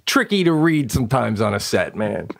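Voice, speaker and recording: A man's voice: lowish voice, big pitch swings, normal speed, vocal fry. A man in his forties co-hosting a podcast, joking and teasing his friend in casual banter, often calling him "guy". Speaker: podcast co-host.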